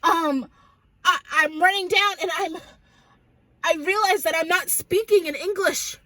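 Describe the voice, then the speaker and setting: A woman tells a personal story with urgent intensity. Her voice sits high and sometimes cracks with tears. The sound is close and dry, with no room around it. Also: a little slow, pushed and bright, no room sound, rough recording. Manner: fervent and urgent, voice breaking into tears. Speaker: Christian video host.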